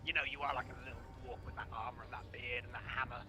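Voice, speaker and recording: A man's voice: medium pitch, steady tone, rapid-fire, background noise. A man playing a tabletop game, banters playfully in and out of character. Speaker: player. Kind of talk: tabletop role-play chat.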